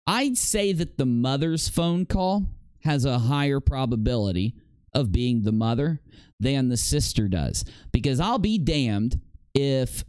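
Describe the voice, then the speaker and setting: Sarcastic, animated male commentator. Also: medium pitch, measured pace, smooth, dry recording. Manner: sarcastic, indignant. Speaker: commentary channel host. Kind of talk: drama commentary.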